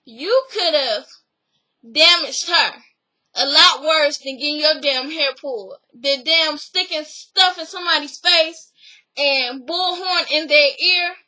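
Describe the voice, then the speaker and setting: A young woman recapping a reality show in a casual vlog, telling it in an animated, profane way and acting out the people in it. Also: high-pitched, poor audio.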